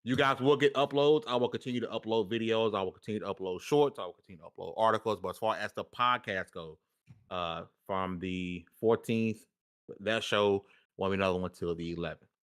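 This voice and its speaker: A man's voice: on the low side, a little fast, clear, resonant tone. A man hosting a gaming podcast, talking in loose, slangy banter and hyping up his chat. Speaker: podcast host.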